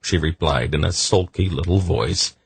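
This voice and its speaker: A male audiobook narrator reads in a measured, deliberate way. His voice is very deep with a husky edge. The recording is dry and close. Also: no echo. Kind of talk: scripted narration.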